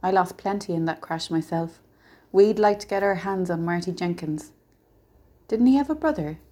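A woman's voice: fairly low pitch, normal speed, dark tone, natural voice. A woman voicing a talkative, folksy older male real estate agent in a small town.

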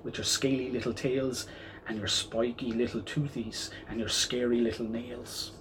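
A man's voice: mid-range voice, little pitch movement, normal speed, background noise, lightly acted. A man voicing a fussy, dim mother tyrannosaurus from a storybook, who sings to her eggs and grumbles at her odd child. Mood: singsong.

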